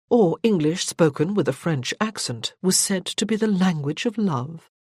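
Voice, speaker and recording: Measured audiobook narrator, dry studio. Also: mid-range voice, slightly rough, no room sound. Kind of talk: scripted narration.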